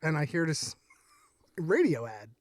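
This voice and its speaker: A man's voice: a little high, sing-song, a little slow, no room sound. A man co-hosting a podcast, telling a laid-back story in casual chat, saying dude and bro. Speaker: podcast co-host.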